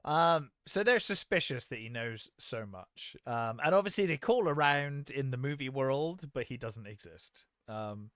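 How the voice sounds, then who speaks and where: A man's voice: medium pitch, expressive, measured pace, few pauses, a bit bright, dry recording, studio quality. A man co-hosting a casual movie review podcast, retelling scenes with lots of "um" and quoted lines. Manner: retells scenes with acted-out quotes, many fillers. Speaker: podcast co-host.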